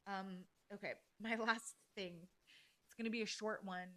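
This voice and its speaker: A woman's voice: medium pitch, steady tone, normal speed, a bit bright. A woman hosting a casual solo podcast, ranting bluntly and heatedly with plenty of swearing. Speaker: podcast host.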